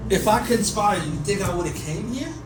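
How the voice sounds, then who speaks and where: A man's voice: sits high, animated, moderate pace, music in the background. A man playing a worried father accused of murder in an amateur audio drama, defensive and stammering, repeating himself. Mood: agitated. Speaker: suspect under interrogation. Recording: noisy amateur recording with ambience.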